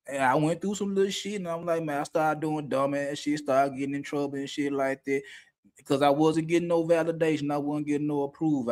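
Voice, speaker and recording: A middle-aged man talking candidly as a podcast co-host, blunt and profane, often laughing mid-sentence. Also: mid-range voice. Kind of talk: candid unscripted talk.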